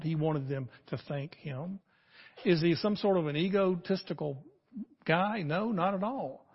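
An older man preaching a sermon as a pastor, telling the story in an animated way and acting out the voices in it. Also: high-pitched, breathy edge, in a large hall, lo-fi sound.

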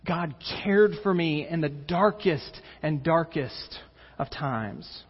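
Man preaching, slow deliberate delivery, husky voice, long church reverb, dull recording. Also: on the high side, animated. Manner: earnest preaching, rising with emphasis and dropping to soft intensity. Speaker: pastor. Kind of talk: sermon. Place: church sanctuary.

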